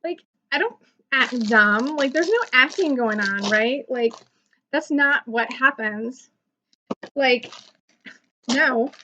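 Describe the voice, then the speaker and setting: A woman's voice: sits high, lively intonation, takes it slowly, pauses often, sharp tone, lo-fi sound, slight background noise, full character voice. A woman doing a ditzy valley-girl YouTuber. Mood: chatty, indignant. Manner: says "like" constantly, gossipy rambling. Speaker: comedy channel host. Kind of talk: comic character monologue.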